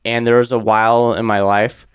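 A man's voice: fairly low pitch, little pitch movement, normal speed, clean tone, no room sound, studio quality. A man co-hosting a podcast, chatting casually and chiming in with crude jokes. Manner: joking, crude, chimes in with wisecracks. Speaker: podcast co-host. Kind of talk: casual chat.

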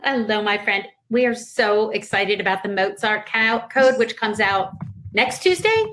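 A woman's voice: medium pitch, lively intonation, unhurried, fairly bright tone. Effusive woman hosting an author chat. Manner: effusive, enthusiastic. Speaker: host. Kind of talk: casual interview chat.

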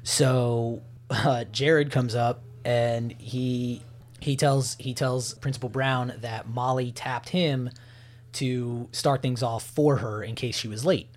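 Casual male co-host, mid-pitched voice, rambly plot recap. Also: steady tone, takes it slowly. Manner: rambling, loose storytelling with many fillers. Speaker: podcast co-host. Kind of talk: casual movie recap chat.

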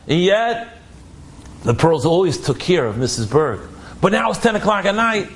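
A man telling an inspirational religious story in an animated, conversational way. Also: high-pitched, moderate pace.

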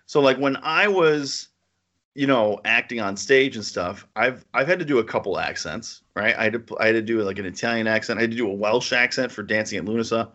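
A man in a casual podcast chat who rambles eagerly from one thought to the next. His voice has a bright, sharp edge. Fillers pepper his talk, and the recording sounds dull and lo-fi. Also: mid-range voice, a little fast. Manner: chatty, enthusiastic, with lots of "like" and "you know". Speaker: podcast co-host.

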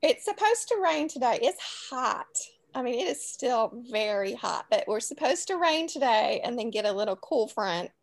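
A woman's voice: a little high, very animated, normal speed, vocal fry. A middle-aged woman with a Southern US accent, chatting as a guest author in a casual interview, rambling and laughing easily. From Louisiana.

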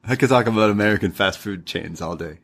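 Man, from Canada, low-ish voice, casual podcast chat, acts out lines. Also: fast talker, fairly bright tone. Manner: chatty, acts out wrestlers' lines. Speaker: podcast co-host. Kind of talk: casual chat recapping a wrestling show.

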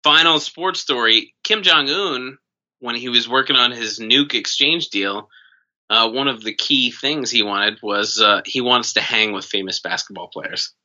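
A man's voice: medium pitch, unhurried, bright, forceful tone, muffled recording. A man co-hosting a comedy podcast, sardonic and crude in casual banter. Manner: crude, sardonic, doing mock voices. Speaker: podcast co-host.

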